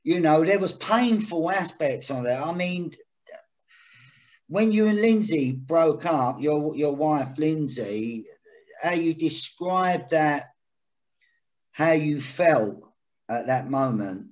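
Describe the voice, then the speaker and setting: A man's voice: on the high side, expressive, slow pace, lo-fi sound. Rambling male podcast host. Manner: rambling, hesitant, many fillers. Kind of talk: casual podcast interview.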